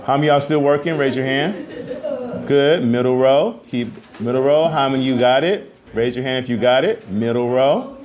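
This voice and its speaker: A man teaching a music class, keeping students on task with firm, brisk directions and some playful teasing. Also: medium pitch, dull audio. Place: school classroom. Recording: noisy classroom with students chattering.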